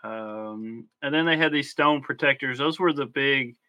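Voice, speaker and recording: A man with a bright, forceful voice co-hosting a casual toy podcast. He talks at an easy pace, pausing often with ums as he works through his points. The sound is dry and close. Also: mid-range voice, dry recording, dull audio. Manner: relaxed, hesitant, many ums while explaining. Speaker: podcast co-host.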